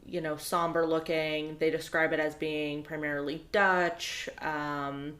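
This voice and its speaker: A woman's voice: low-pitched, little pitch movement, a little slow, fairly bright tone. A woman co-hosting a podcast, musing casually about a movie and often saying "you know" and "like". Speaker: podcast co-host.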